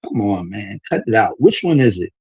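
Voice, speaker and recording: A man's voice: lowish voice, sing-song, moderate pace, a little mellow, husky, no room sound, lo-fi sound. A man streaming a casual, heated monologue, full of street slang and repetition as he vents about a friend.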